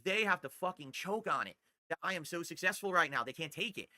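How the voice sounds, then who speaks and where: A man's voice: on the high side, expressive, fast talker, bright, forceful tone, no echo. A man hosting his livestream, talking into a desktop condenser mic at home and ranting in a brash, boastful way. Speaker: streamer host. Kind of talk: casual podcast-style livestream monologue.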